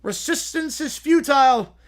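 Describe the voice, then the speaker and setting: A synthetic voice playing a cold collective cyborg alien commander in flat, clipped, formal lines. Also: sits high, a little slow.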